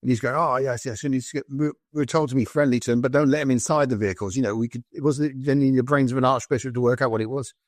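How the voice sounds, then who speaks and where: Speaking fast with few pauses, a man from Britain recounts his army days as a podcast guest and ex-soldier. His mid-range voice carries lively anecdotes with quoted dialogue in casual storytelling. There's no room sound.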